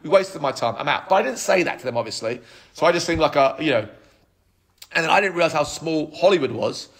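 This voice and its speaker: A man in his thirties, a podcast guest telling his life story in an animated way, with frequent restarts. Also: fairly high pitch, fast talker, breathy edge. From United Kingdom. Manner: animated, acts out quoted dialogue, frequent restarts. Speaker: podcast guest, app co-founder.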